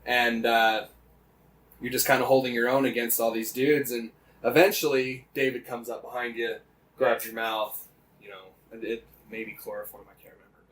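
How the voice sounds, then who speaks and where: A man's voice: mid-range voice, flat delivery, moderate pace, fairly bright tone, slight background noise. A man co-hosting a casual podcast, animatedly retelling events with lots of swearing and "like" fillers. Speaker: podcast co-host.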